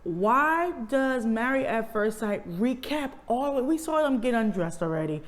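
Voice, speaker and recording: A woman co-hosting a casual reaction chat, animated and opinionated. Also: fairly high pitch, measured pace. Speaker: co-host.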